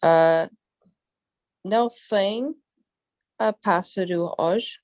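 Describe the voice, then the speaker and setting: Woman student, slow and tentative, mid-pitched. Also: a little mellow. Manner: hesitant, tentative, repeats after correction. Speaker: language student.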